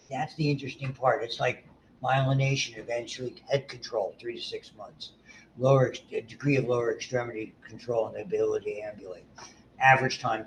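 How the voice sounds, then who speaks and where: A man's voice: medium pitch, slight background noise, rough recording. A man around seventy giving a casual, rambling biology lecture to students, full of asides and restarts. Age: about 70.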